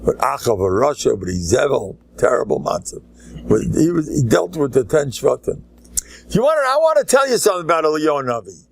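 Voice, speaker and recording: Older man, rabbi, american lakewood accent, gravelly, joking, animated lecture. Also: on the high side, a little fast, no room sound. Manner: joking, animated, mixes Yiddish and Hebrew words. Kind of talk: humorous Torah lecture.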